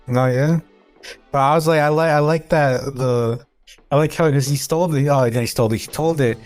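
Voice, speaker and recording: A man's voice: a little high, moderate pace, a little mellow. Man, podcast guest, rambling storyteller, faint music underneath. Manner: rambling storyteller with many fillers and restarts. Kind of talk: casual podcast chat.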